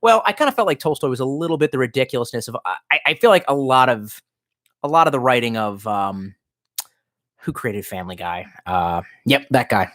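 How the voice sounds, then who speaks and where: A man rambling through a casual livestream, reading chat and cursing often. His voice swoops widely up and down in pitch as he talks. He sounds loose and tipsy from vodka. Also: expressive, a little fast, a bit bright. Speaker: streamer reading live chat.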